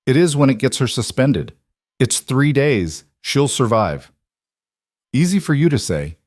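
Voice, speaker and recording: A man's voice: medium pitch, lively intonation, unhurried, a little mellow, dry recording, voice pushed up. A proud young woman stretched to breaking, voiced in a lifted, strained tone by a man. She sounds weary and defensive, with a dry, close sound.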